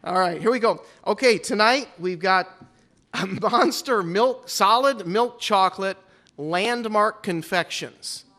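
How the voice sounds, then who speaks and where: A man's voice: high voice, slow pace, pushed and bright. A man pastor hosting a playful Bible trivia game at a church service, teasing the congregation before introducing guests.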